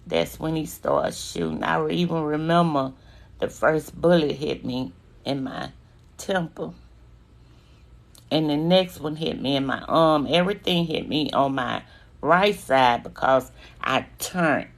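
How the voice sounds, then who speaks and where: A woman's voice: very deep voice, creaky. A woman telling her own survival story live to her viewers. She speaks with emotion, holds back tears, and calls her listeners "y'all" and "babies.". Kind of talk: live-stream personal storytelling.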